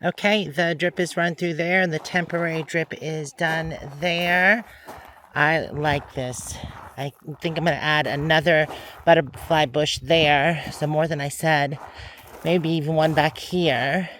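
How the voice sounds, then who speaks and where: A man's voice: on the high side, measured pace, a little hiss or hum. A man casually narrating his garden work outdoors, thinking aloud as he goes. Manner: relaxed, thinking aloud as he works. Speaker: garden vlogger.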